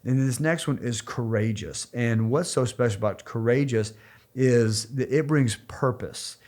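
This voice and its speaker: A man in his thirties co-hosts a church podcast, talking earnestly in casual podcast style with frequent restarts and fillers. His voice is medium-pitched, unhurried and a little mellow.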